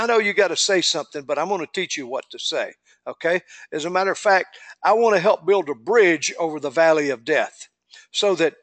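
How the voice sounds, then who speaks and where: A man's voice: fairly high pitch, a bit bright, no room sound. Folksy man with a dry, close sound. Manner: folksy, repeats and stammers, acts out phone calls. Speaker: sales trainer. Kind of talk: recorded training talk.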